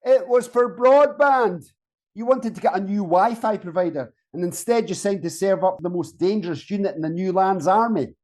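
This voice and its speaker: A man's voice: mid-range voice, expressive, unhurried, mellow. A man playing a sardonic rebel soldier. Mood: sarcastic. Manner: sardonic, dry. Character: sarcastic rebellious male soldier. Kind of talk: audio comedy acting.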